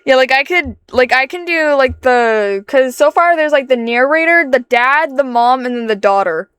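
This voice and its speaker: High-voiced giggly woman streamer. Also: lively intonation, moderate pace, a bit bright, clear, resonant tone, no room sound. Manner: giggly, rambling. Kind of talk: casual gameplay chat and game narration.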